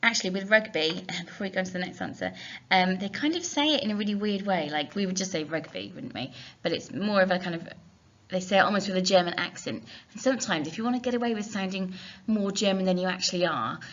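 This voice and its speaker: A woman's voice: mid-range voice, fairly bright tone. A woman teacher, talking students through a recorded language lesson in a chatty, self-deprecating way. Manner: chatty, self-deprecating, slow over the foreign words. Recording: dull lo-fi with faint hiss.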